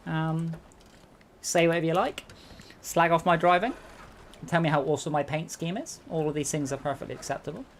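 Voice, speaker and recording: A man's voice: on the high side, steady tone, a little fast, a little hiss or hum. A man streaming a co-op driving game, chatting casually and joking at his own expense. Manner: chatty, joking, self-deprecating. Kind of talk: casual gaming chat.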